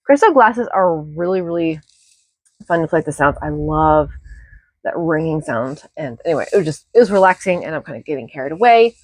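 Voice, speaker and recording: A woman's voice: low-pitched, brisk, darkish tone, dry recording. A woman casually rambling through a show-and-tell of her thrift finds at home, self-deprecating and restarting often. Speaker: thrift haul vlogger.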